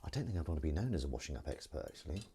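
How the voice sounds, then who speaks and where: A bass-voiced man talks rapid-fire in a sing-song way against a noisy background. He's streaming live while washing up at his kitchen sink, chatting casually and rambling with plenty of self-mockery.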